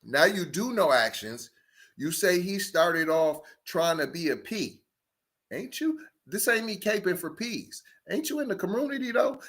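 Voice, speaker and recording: A man's voice: medium pitch, pushed and bright. A man giving a heated commentary rant, mocking and firing off rhetorical questions, often stammering and restarting as he picks his words. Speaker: online commentator.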